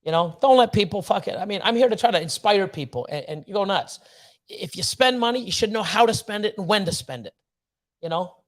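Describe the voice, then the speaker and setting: A man with a notably high voice rants on a livestream, blunt and profane. He pushes hard with fired-up motivational talk and swears constantly. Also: animated, fairly quick. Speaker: snake breeder hosting a livestream. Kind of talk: livestream rant.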